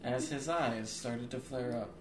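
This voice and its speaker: A woman's voice: rumbling low, a little slow, a little mellow, echoey room. A woman making wry, mock-dramatic remarks during a casual drinking game with friends. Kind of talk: casual chat while playing a drinking game.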